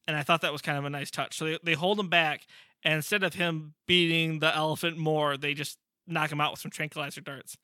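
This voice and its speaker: A man's voice: a little high, no room sound, studio quality. A young man co-hosting a podcast in casual chat, animatedly retelling a comic's story and briefly acting out characters. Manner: animated, acts out characters in quick bursts. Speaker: podcast co-host.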